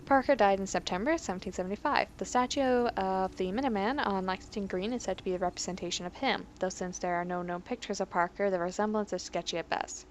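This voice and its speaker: A woman's voice: mid-range voice, fast, few pauses, a little hiss or hum. A woman hosting a let's play, reading in-game history entries aloud with joking asides and frequently tripping over her words. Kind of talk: casual gameplay commentary.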